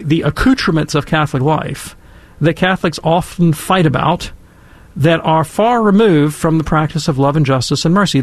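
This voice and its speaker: A man telling a story and giving commentary in a casual, animated, emphatic way. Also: a little high, no echo. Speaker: guest commentator.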